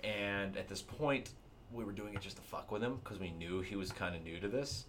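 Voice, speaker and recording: A young man with a lowish voice chats loosely on a podcast. He swears easily and explains things at length. Faint noise hums under the recording. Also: normal speed, fairly bright tone. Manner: loose, profane, explains with tips. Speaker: podcast co-host. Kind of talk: casual chat.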